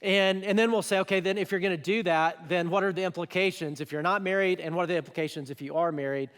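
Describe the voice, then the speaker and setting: A man preaching a sermon as pastor, talking in a casual, animated way with quick voiced asides. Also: high voice, clear, resonant tone. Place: church auditorium. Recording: church hall with long reverb.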